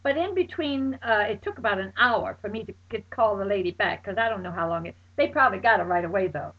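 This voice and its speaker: A woman telling a story about her night out, bursting into loud exclamations and acting out her friends' voices. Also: mid-range voice, animated, fast. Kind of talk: animated personal anecdote. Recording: dull lo-fi recording.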